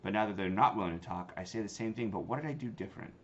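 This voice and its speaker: Rapid-fire and on the low side, the man's voice drives a casual, emphatic, conversational lesson on cold calling, mixing in demo lines. He's a company founder who works as a sales trainer, and the audio is slightly dull lo-fi with faint noise.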